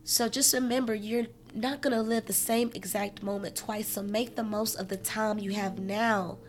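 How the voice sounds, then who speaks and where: A woman's voice: mid-range voice, steady tone, normal speed, a little hiss or hum. A woman hosting a solo podcast, giving emphatic, conversational life advice with lots of repetition. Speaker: podcast host. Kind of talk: motivational solo podcast talk.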